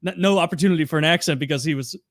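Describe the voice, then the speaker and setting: A man with a fairly high voice recounts a story on a casual podcast, laughing and restarting his sentences. The sound is dry and close to the mic. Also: rapid-fire, no echo. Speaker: podcast host.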